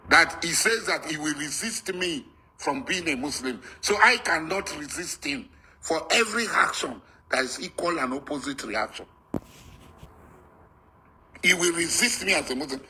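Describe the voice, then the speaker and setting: A middle-aged Nigerian man giving a heated, defiant monologue, repeating himself and rising to shouts. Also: fairly high pitch, slightly rough, rough recording. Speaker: political activist.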